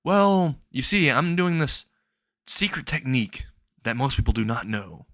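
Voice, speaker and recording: A man's voice: mid-range voice, very animated, a little slow, a bit bright, no echo, clean studio sound. A man voicing a panicked teenage boy hero in a jokey, frantic way. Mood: scheming.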